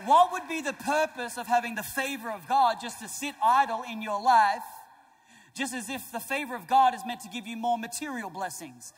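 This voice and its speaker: A male pastor with a high, slightly husky voice delivers an emphatic sermon, pressing his points and joking with the congregation. His voice rings through a large church hall with a long echo. Soft music plays underneath. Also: normal speed. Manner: emphatic, rising to loud declarations. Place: church auditorium.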